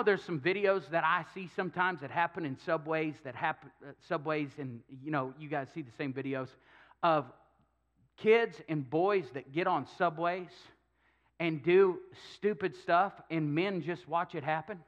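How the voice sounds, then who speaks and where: A man's voice: on the high side, a bit bright, highs cut off. A male pastor preaching a sermon, telling a Bible story with jokes and acted-out quotes. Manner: storytelling with humor, acting out quotes.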